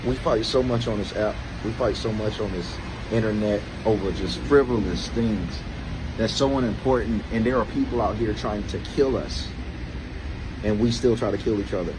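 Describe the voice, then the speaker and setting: Guy talking low and shaky into his phone, near tears, traffic noise going behind him. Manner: shaken, halting, repeats himself, close to tears. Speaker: social media creator. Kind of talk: emotional video message.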